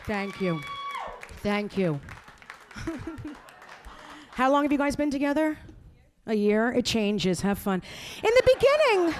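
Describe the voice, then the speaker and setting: Brash, high-voiced woman doing stand-up. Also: expressive, slow, long pauses, slight background noise. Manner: brash, crude, teasing the crowd. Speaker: stand-up comedian. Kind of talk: stand-up set. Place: comedy club stage.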